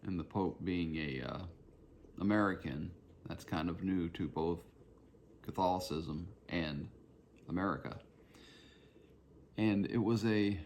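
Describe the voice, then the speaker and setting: A man with a Southern Georgia accent hosts his own podcast, delivering a reflective, rambling solo monologue of meandering personal stories. His voice is low and a little mellow, with a slight hiss or hum.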